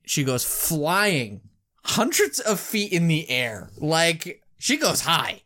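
A man co-hosting a podcast, telling a story with eager, animated bursts. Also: on the high side, takes it slowly. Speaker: podcast co-host. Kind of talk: casual chat, retelling a commercial.

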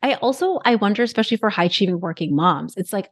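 A woman's voice: medium pitch, quick pace. Chatty woman hosting a podcast. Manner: animated storytelling, many "like" fillers. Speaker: podcast host. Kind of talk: casual conversational interview.

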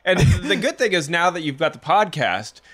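A man chats on a podcast, reacting with amusement and teasing his co-host. His fairly high voice swings widely in pitch, and he laughs often. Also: big pitch swings, normal speed, fairly bright tone. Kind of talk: casual podcast chat.

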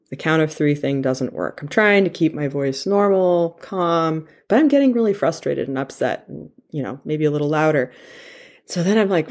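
40-something woman, a bit low-pitched, talking openly about her day, lots of "like" and "you know". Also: lively intonation, moderate pace, a little mellow. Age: 40s. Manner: candid and confessional, with frequent fillers. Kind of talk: personal storytelling.

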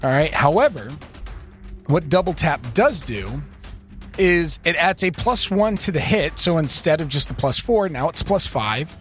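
A man's voice: on the high side, animated, a little slow, a bit bright, soft background music. A man playing in a tabletop game, eagerly explaining his character's moves and the rules in detail. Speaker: player.

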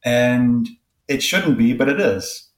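A man's voice: mid-range voice, slow pace. A man who is a linguistics expert, explaining points in an interview in a lecturing way and giving spoken examples. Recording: roomy echo.

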